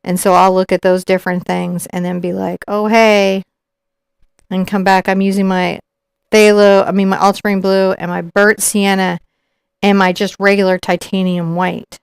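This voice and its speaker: A woman's voice: mid-range voice, level tone, normal speed, creaky, clear, resonant tone, no echo, studio quality. A woman teaching a live acrylic painting lesson, chatting and explaining each step as she paints. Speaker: art instructor.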